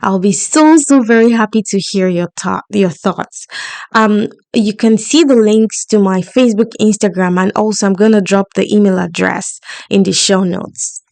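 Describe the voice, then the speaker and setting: A woman's voice: mid-range voice, normal speed, vocal fry, a little mellow, no room sound. A woman hosting a solo podcast, coaching her listeners in an encouraging, upbeat tone. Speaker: podcast host and money coach.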